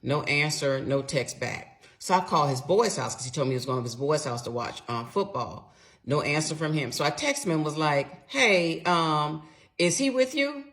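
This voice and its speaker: A woman's voice: deep voice, lively intonation, moderate pace, fairly bright tone. A middle-aged woman telling her own story with feeling, acting out both sides of an argument. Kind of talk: emotional personal storytelling.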